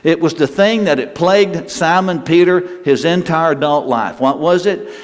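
A man preaching a sermon in a conversational way, asking his listeners questions and leaving pauses. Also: a little high. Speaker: pastor. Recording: long hall reverb.

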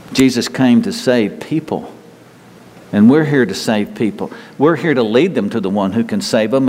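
A man's voice: medium pitch, a little mellow, long reverb tail. A man pastor preaching a sermon in an earnest, conversational way, often repeating and restarting his words.

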